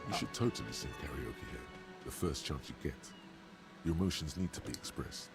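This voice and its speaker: A man voicing a sardonic inner-voice narrator in a video game, speaking in dry, measured tones. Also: a bass voice, animated, gravelly, over music, heavily acted. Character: deep male inner voice narrating a game, wry and grave.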